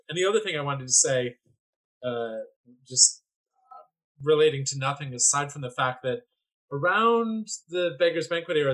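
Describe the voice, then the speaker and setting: A man's voice: a little high, fairly bright tone, low-quality recording. A man on a casual podcast panel, rambling through opinionated points with many fillers. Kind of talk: casual chat.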